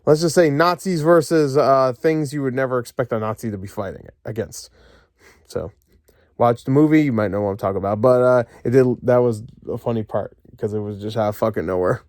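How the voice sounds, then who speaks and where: Male reviewer in bed, mid-pitched, sarcastic profane rant, dry close sound. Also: brisk, darkish tone, dry recording. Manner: sarcastic, profane, frustrated ranting with frequent fillers. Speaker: movie reviewer. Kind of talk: casual ranting review. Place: lying in bed at home.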